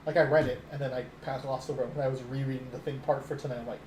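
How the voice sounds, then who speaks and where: A man's voice: medium pitch, fairly even intonation, very fast, hardly any pauses. Game master, man, loose rambling delivery, echoey room with background noise. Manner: rambling, many fillers, laughs at own descriptions. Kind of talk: narrating a tabletop game.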